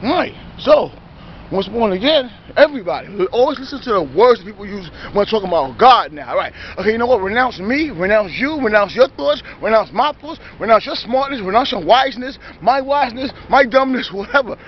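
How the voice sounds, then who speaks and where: A man's voice: high-pitched, lively intonation, a little fast, muffled recording, slight background noise. A man preaching informally in a repetitive, emphatic way, often stopping to check that listeners understand, and restarting his sentences as he rambles on. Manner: repetitive, emphatic, keeps asking "you understand?"; rambling, self-correcting restarts. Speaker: lay preacher.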